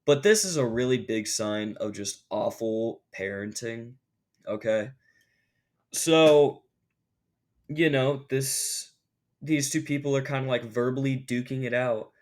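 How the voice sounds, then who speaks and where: A man's voice: medium pitch, takes it slowly. A young man vlogging, telling a story in a rambling, casual way with lots of filler words. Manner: rambling, animated, lots of "like" fillers, acts out quotes.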